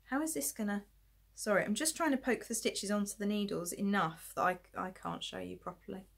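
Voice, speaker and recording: It's late, and this knitting podcast host is tired and yawning as she casually displays her projects to the camera. Her mid-range voice is gravelly and brisk, and she rambles, giggles, and jokes at her own expense.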